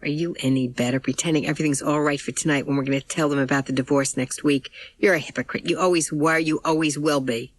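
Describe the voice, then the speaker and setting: A woman's voice: sits low, steady tone, quick pace, few pauses. Woman reading as a loving, pleading father. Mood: angry. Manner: gentle, pleading, flares into yelling. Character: loving anxious father, middle-aged man.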